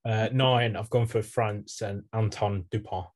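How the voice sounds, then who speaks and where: A young man with a fairly low voice co-hosting a laid-back podcast. He keeps it dry and brisk, moving the chat along. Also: fairly even intonation. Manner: dry, brisk, moves things on. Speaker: podcast co-host. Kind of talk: casual chat.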